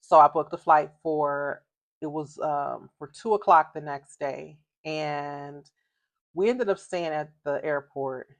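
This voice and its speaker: Woman, middle-aged, casual storytime, animated, laughing, dry close mic. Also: low-pitched, slow pace, dry recording. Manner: animated, laughing, acts out quoted voices. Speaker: vlogger telling a story.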